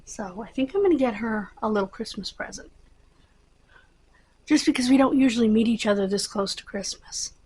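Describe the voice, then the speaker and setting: A woman's voice: a little high, lively intonation, moderate pace, darkish tone, husky, low-quality recording. A middle-aged woman hosting her own channel, chatting casually and rambling with many fillers. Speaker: channel host. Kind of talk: casual chat to camera.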